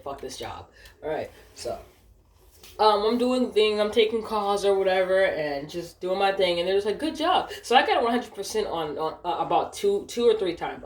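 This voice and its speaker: A woman's voice: deep voice, a little mellow, reverberant, a little hiss or hum. A woman telling a work story while gaming, cursing and ranting, often sidetracked. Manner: profane, ranting, easily distracted.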